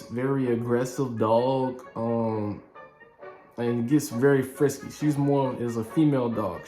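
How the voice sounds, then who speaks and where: A man telling a story from his youth in a casual vlog, animated and slangy, acting out the scenes. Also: mid-range voice. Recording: echoey room with faint music.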